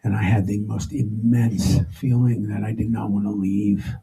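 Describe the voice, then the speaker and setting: Middle-aged male storyteller at a live talk, with a dark, gravelly tone and a halting, emotional delivery. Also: on the low side, flat delivery, rough recording. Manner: emotional, halting, with frequent restarts. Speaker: speaker telling his own story. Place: stage before a live audience.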